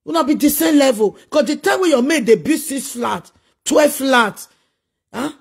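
A man's voice: extremely high pitch, expressive, moderate pace, vocal fry. A man with a Nigerian accent delivering a preachy, scolding monologue full of repeated rhetorical questions. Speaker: social media commentator.

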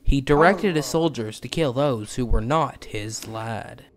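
A man's voice: mid-range voice, unhurried. A man narrating a school project, reading his script plainly.

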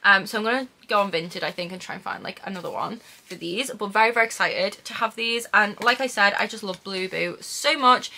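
Bright-voiced woman gushing over books. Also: mid-range voice. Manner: gushing, excitable, emotional. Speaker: book vlogger. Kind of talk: casual unboxing vlog. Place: home room with bookshelf.

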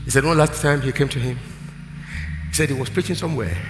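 A man with a Nigerian accent preaching a live church sermon, moving from storytelling into shouted, sing-song declarations. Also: medium pitch, fast talker. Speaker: pastor. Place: large church hall. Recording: roomy church hall with music behind.

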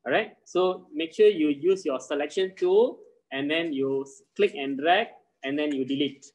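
A man teaching a live online design class, walking through steps slowly and reassuring his students. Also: on the high side, darkish tone, low-quality recording. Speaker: design software trainer. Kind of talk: live online software tutorial.

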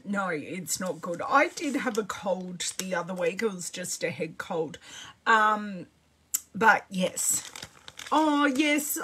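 A woman's voice: medium pitch, fairly bright tone, slight background noise. A middle-aged Australian woman hosting a casual crafting livestream, chatting and greeting viewers by name as she works. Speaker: craft demonstrator livestream host.

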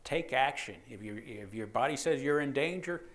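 A man's voice: mid-range voice, moderate pace. A man, a police officer giving a training lecture, joking and telling stories, often repeating words and checking in with the audience. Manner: lively, joking storyteller who repeats words and checks in with "okay?".

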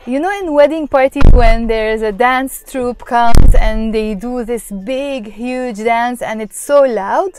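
Lebanese woman teaching, higher voice. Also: over music. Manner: explanatory, breaks phrases down slowly. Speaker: Arabic language teacher. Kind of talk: casual vlog lesson. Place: in a car on a road trip.

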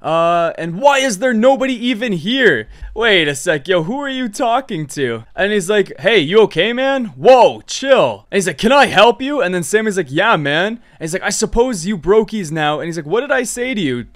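Upbeat male gamer, high bouncy voice, slangy excited play-by-play. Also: moderate pace, few pauses. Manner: excitable, slangy, reads other players' chat aloud. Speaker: gaming creator. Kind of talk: gameplay role-play commentary.

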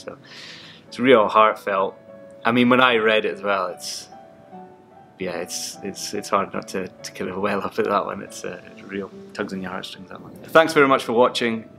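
A man's voice: fairly low pitch, creaky. A young man, an actor and narrator, casually retelling book anecdotes and laughing often. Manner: animated, laughs often, acts out quotes.

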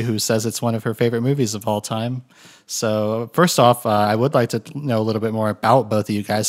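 A man hosting a casual podcast, rambling and correcting himself with a joking tone. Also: mid-range voice. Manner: rambling, self-correcting and jokey. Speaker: podcast host. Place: room shared with guests.

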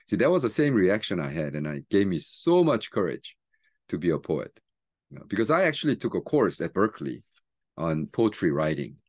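A man, a seminary teacher and pastor, chatting casually about a book and reading its poems aloud slowly and softly. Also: low voice. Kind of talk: book talk with poetry reading.

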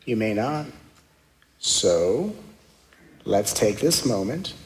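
A man, a spiritual teacher, leading a guided meditation in a soft, slow, gently reassuring way, repeating affirmations. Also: lowish voice, very animated. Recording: long hall reverb.

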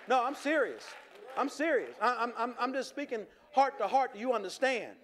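A pastor preaching in a high voice. He talks to the congregation like a friend, with repeated restarts and chuckles, and turns earnest when he makes his point. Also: expressive, moderate pace, a bit bright, a faint crowd. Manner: conversational, with stammered restarts and chuckles, shifting from joking to earnest. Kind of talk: sermon.

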